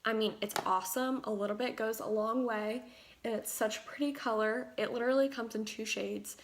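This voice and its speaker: A young beauty vlogger with a slightly high, gravelly voice edged with vocal fry chats through a makeup tutorial. She rambles, wanders into asides and fills gaps with fillers, as though talking to friends from her room. Her tone is steady, she talks a little fast, and there's background noise.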